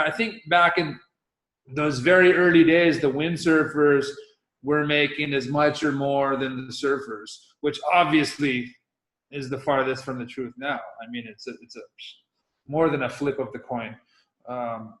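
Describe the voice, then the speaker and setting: A man's voice: a little high, fairly bright tone. Rambling man from Hawaii in an echoey room. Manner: rambling, loose, with many restarts. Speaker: guest, professional windsurfer. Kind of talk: casual interview talk.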